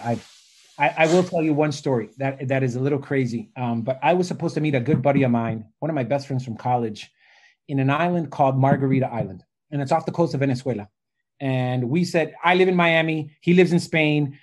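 A man telling stories in a casual podcast chat, animated and fond of saying "literally" and "right?". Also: mid-range voice. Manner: animated storyteller, says "literally" and "right?" often. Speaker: podcast guest.

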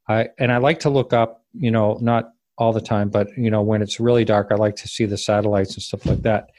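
Halting, self-correcting man in a dry recording. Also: mid-range voice, darkish tone, dry recording. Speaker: interview guest. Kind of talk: casual spoken recollection.

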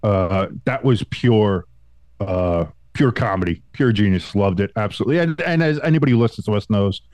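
A man's voice: on the low side, normal speed, no echo. Rambling male sports podcaster with a cold. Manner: rambling, animated, swears, many restarts. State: getting over a cold. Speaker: podcast co-host. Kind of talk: casual sports chat.

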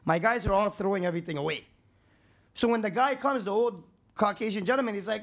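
High-voiced man telling profane stories. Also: fairly quick. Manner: profane, animated, rambling anecdotes; swings between low asides and raised excitement. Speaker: podcast guest. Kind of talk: casual storytelling.

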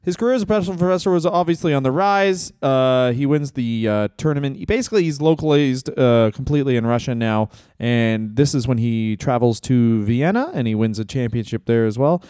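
In studio quality with a dry recording, a wrestling history podcast co-host rambles and jokes through a casual comedic chat, now and then dropping into silly accents. His medium-pitched voice is mellow and smooth, a little fast with hardly any pauses.

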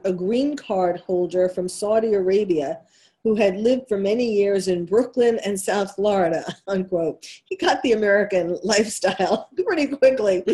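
A woman's voice: medium pitch, dark tone. A woman with a New York accent hosting a talk radio show, delivering an emphatic monologue full of rhetorical questions.

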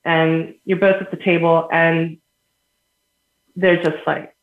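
Speaking in a low, flat voice at a slow pace, a woman appears as a guest on a podcast interview. She explains things earnestly using everyday examples and laughs between her points. The line is echoey and sounds like a phone call.

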